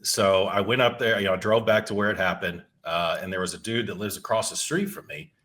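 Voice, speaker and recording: Low-voiced middle-aged man spinning a story. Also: fairly even intonation, a little fast, fairly bright tone. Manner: rambling, loose, swears freely, restarts words. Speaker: podcast co-host. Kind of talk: casual storytelling. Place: home.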